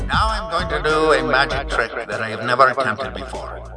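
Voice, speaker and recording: A man's voice: mid-range voice, lively intonation, fairly quick. A man voicing a showy, patronizing male stage magician in a vague foreign accent, spoken through an echo effect over music. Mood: grandiose. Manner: pompous, formal.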